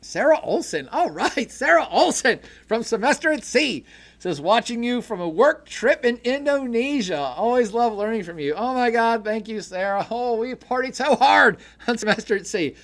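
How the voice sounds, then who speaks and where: Middle-aged guy hosting a live podcast, reads chat out loud, goes from loud and excited to low mutters, jokey. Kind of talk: casual livestream chat.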